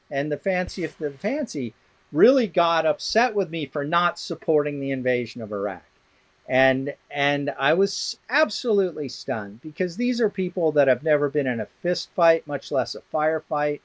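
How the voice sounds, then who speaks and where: Middle-aged male expert guest; sardonic anecdotal talker, slightly high voice. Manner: rambling anecdotal storytelling with restarts; blunt and sardonic. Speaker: guest expert on law of armed conflict. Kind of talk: casual interview conversation.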